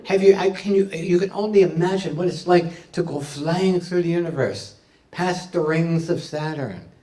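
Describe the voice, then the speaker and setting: A man's voice: on the high side, moderate pace. A man doing stand-up comedy for a live audience, punning and playful, taking questions. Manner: punning, playful, loud jokey delivery. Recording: roomy hall, mic at a distance.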